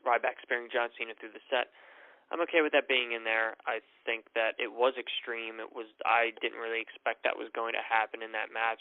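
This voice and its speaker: A man's voice: mid-range voice, little pitch movement, a little fast, no echo. Tired, rambling man on a lo-fi podcast. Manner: rambling and opinionated, with frequent ums and restarts. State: tired and yawning. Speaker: podcast host. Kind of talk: solo wrestling podcast recap. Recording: dry, phone-like lo-fi audio.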